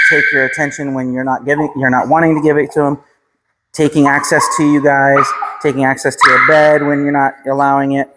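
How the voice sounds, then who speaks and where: An American man working as a dog trainer, calmly explaining a training session to the dog's owners while giving short commands to the dog. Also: on the high side. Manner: calm, instructive, repeats short commands to the dog. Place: training room with a dog present. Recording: reverberant room, faint background noise. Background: dog barking and clicks.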